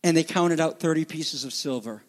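A male pastor delivers a sermon in a rather high voice. He preaches with passion, rising to loud emphatic peaks and dropping to hushed, almost whispered lines. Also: moderate pace. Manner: impassioned, swings between loud emphasis and hushed near-whispers.

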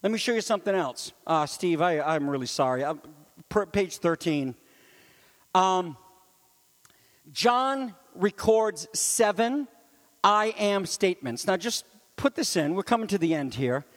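High-voiced man preaching in an echoing hall. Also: a little slow. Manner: animated, swings from loud to near whisper; conversational asides to the congregation. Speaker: pastor. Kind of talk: sermon.

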